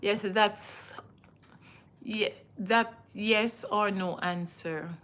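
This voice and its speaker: Slow-talking Jamaican woman in her kitchen. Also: mid-range voice, fairly even intonation, fairly bright tone. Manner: chatty, repeats herself, talks to her viewers. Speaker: cooking livestream host. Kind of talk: casual livestream chat. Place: home kitchen.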